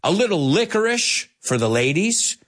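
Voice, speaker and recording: A man voicing a washed-up film star dressed as a zombie, laid-back and deadpan, a bit raspy. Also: sits high, moderate pace, voice pushed up.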